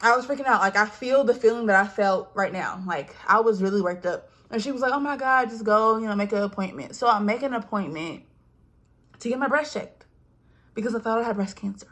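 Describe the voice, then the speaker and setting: A young woman, telling a personal story in casual vlog style, acting out quoted voices and dropping to hushed asides. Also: medium pitch, animated, a little fast. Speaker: vlogger.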